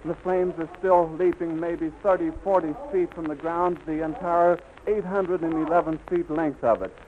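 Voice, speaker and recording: A man with a fairly high voice, steady in tone and moderately paced, reports live on radio from the scene. The 1930s disc recording sounds dull and a little hissy, while his eyewitness account flows vividly.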